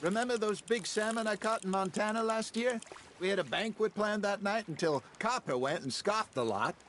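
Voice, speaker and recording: An actor playing a wry, seasoned outlaw who spins folksy, unhurried fishing yarns in a video game. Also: male voice, high-pitched, fairly bright tone, a little hiss or hum. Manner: folksy, unhurried yarn-spinning.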